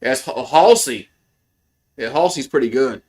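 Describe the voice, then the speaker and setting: A man hosting live fan play-by-play commentary, excitable and profane, swinging from grumbling asides to shouted calls on big plays. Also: mid-range voice, measured pace, pauses often.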